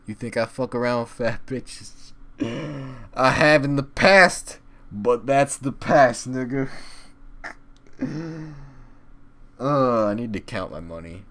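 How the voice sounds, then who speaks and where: A young man hosting a comedic vlog in character, rambling crudely with sudden loud outbursts. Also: on the low side.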